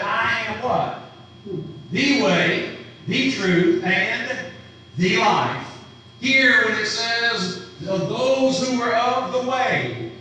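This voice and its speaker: Slow, bright-voiced preacher in an echoey church. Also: male voice, high-pitched, a little hiss or hum. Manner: teaching, asks the congregation questions. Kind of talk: sermon. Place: church sanctuary. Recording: roomy, distant church recording.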